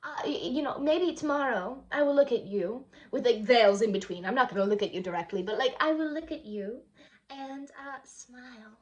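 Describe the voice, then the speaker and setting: A woman's voice: fairly high pitch, lively intonation, normal speed, highs cut off, natural voice. A woman voicing an infatuated young princess while casually retelling a play in a hotel room, breathless and gushing. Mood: coaxing.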